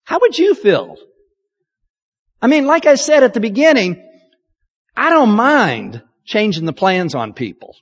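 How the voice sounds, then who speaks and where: Pastor, male, high lively voice, chatty self-mocking sermon, long hall reverb. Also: unhurried, pauses often, slightly rough. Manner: candid, self-deprecating and chatty. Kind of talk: conversational sermon.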